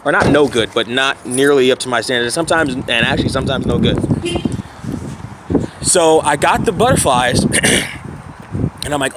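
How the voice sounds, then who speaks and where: A man in his thirties with a hoarse voice, rambling through a casual self-deprecating vlog monologue and often clearing his throat. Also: medium pitch, animated, normal speed, pauses often, heavy background noise. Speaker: vlogger.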